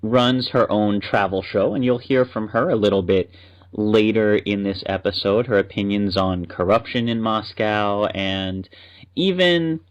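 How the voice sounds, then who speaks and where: A man's voice: fairly low pitch, a little slow, smooth, highs cut off. A man co-hosting a podcast, chatting and explaining at length. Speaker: podcast co-host. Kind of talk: casual podcast chat.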